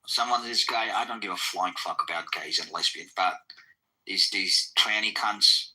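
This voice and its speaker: A man in casual podcast chat, telling stories bluntly and profanely with halting restarts. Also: sits low, bright, forceful tone, poor audio.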